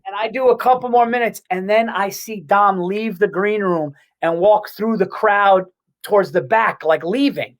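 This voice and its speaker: A man, a comedian guest, telling a story in casual chat, animated and quick with restarts and swearing. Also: high-pitched, low-quality recording.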